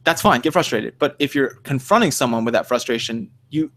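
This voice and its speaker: A man's voice: medium pitch, lively intonation, brisk, fairly bright tone. A man co-hosting a casual podcast discussion, rambling, swearing freely and acting out the arguments he quotes. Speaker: podcast co-host.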